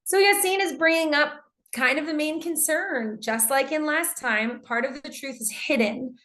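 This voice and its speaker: A woman's voice: sits high, normal speed. Woman teaching an online English class. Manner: reads student answers aloud and comments warmly on them.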